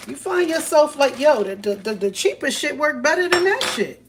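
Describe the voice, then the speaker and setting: A woman's voice: high voice, very animated, normal speed. A young woman, chatting loosely and joking with profanity as she cooks breakfast on a livestream. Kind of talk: casual livestream chat while cooking. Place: home kitchen. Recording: distant phone mic with background noise.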